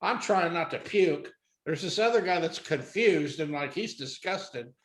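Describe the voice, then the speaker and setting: A man telling a story as a guest comedian, animated and acting out voices. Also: a little high, a little slow. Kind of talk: casual storytelling. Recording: roomy echo.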